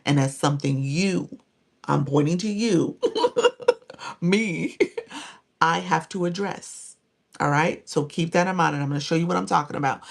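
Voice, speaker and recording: A woman's voice: sits low, normal speed, creaky, long pauses. A woman in her forties coaching viewers on a live stream, emphatic and chatty, thanking people by name and laughing often.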